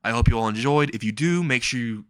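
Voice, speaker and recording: A man rambles through a comic story in a casual, swearing tone, breaking into laughs as he goes. His pitch sits in the middle, and the sound is dry and close with no room around it. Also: fast talker, a bit bright, no echo.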